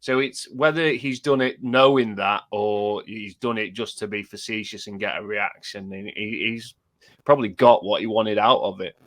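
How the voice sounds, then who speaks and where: Measured man explaining football. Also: lowish voice, steady tone, a bit bright. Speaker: podcast co-host. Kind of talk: casual football chat.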